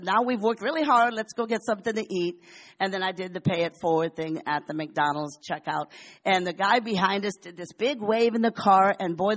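An older woman sharing a personal testimony in a chatty, animated storytelling way. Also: mid-range voice. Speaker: church member sharing a testimony.

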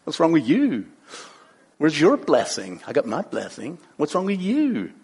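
Mocking young servant girl, smug, a preacher doing her, highish voice. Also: huge pitch swings, measured pace, vocal fry, darkish tone, slightly rough, heavily acted. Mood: taunting.

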